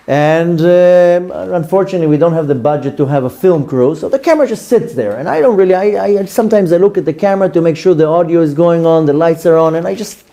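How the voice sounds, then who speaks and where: A man, a rabbi telling a lively story to his class and acting out his own reactions. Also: on the high side. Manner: animated, acts out his own reactions in quotes.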